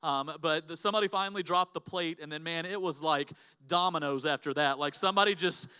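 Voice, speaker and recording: Middle-aged male pastor, quick and bright, animated sermon storytelling. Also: fairly high pitch, smooth. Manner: animated storytelling, acts out quotes and sound effects. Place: church auditorium.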